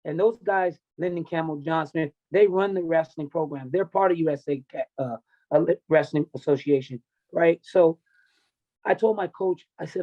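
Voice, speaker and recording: A man's voice: a little high, normal speed, highs cut off. Blunt, profane middle-aged man. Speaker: podcast guest, wrestling and MMA coach. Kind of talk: candid personal storytelling.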